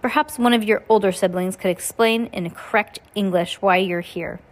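A nervous, prim older aunt from a storybook, as a woman reader puts her on, high-strung and quick to scold over grammar. She sounds fretful and stern by turns, with a fussy, proper manner. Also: natural voice.

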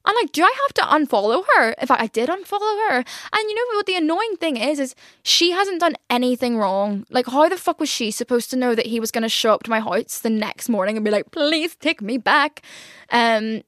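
A woman's voice: sits high, lively intonation, brisk, hardly any pauses, fairly bright tone, no room sound, studio quality. A young woman hosting a podcast, telling a personal story in candid casual chat, swearing freely and acting out what people said. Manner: chatty, swears freely, acts out quoted dialogue. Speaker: podcast host.

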